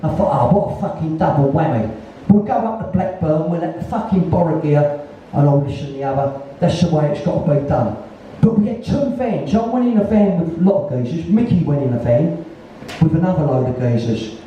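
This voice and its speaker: Fairly quick and expressive, a slightly high-voiced man of about sixty tells a blunt, meandering story full of swearing in a London Cockney accent. He's a guest at a live onstage conversation in a music venue, and the audio is echoey, distant and dull, with faint background noise.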